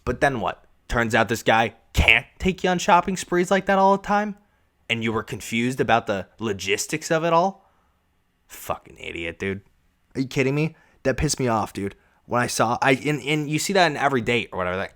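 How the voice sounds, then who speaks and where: A man's voice: mid-range voice, expressive, moderate pace, fairly bright tone. A young man hosting a podcast, ranting casually and sarcastically with lots of profanity. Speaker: podcast host.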